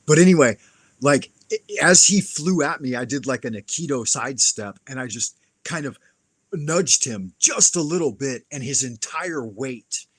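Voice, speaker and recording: A man telling a rambling, profane story on his live stream, with a plain mid-range pitch. He talks loosely and lively, and from time to time he acts out what people said. The sound is dry and close, with almost no room in it. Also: normal speed, breathy edge, no room sound. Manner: profane, animated anecdote-telling with acted-out quotes. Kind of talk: casual storytelling.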